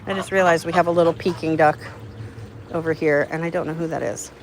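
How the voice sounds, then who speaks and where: A woman keeping ducks, talking casually outdoors and coaxing her birds in a high voice. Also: steady tone, fast, a little hiss or hum, rough recording. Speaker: duck keeper. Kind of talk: casual farm vlog talk. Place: outdoors by duck pens.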